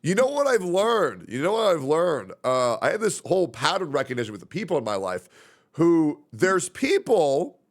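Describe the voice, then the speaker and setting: A young man streaming live and talking off the cuff, his pitch swinging up and down as he rambles. He swears freely and reacts to chat messages as he reads them. His voice sits a little high for a man. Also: sing-song, moderate pace. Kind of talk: casual livestream chat.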